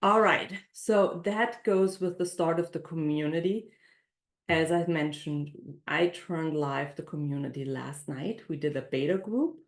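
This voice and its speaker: A middle-aged woman teaching a live online baking class from her home kitchen, speaking gently and leading a calm breathing exercise. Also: low-pitched, unhurried, roomy sound. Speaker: baking instructor.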